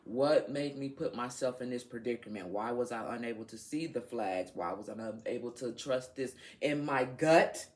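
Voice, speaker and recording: A woman's voice: extremely low pitch, moderate pace, few pauses. A woman giving a casual tarot reading to her viewers, frank, swearing freely and laughing as she talks. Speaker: tarot reader.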